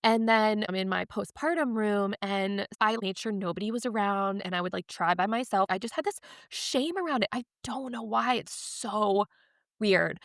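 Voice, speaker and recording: A woman's voice: mid-range voice, moderate pace, dry recording, clean studio sound. A young woman on a podcast, telling a personal story in a candid, emotional, confiding way. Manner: emotional, confiding, animated retelling. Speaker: podcast guest.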